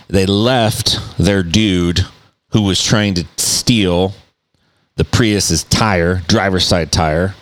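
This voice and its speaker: A middle-aged man, a podcast host, telling a story in a loose, animated way, full of swearing and mouth sound effects. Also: deep voice, slow. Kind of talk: casual storytelling.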